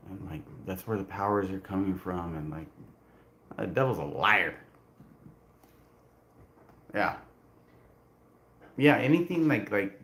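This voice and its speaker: A man with a lowish voice chats casually on his livestream. He rambles, restarts his sentences and leans on fillers as he goes. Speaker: livestream host.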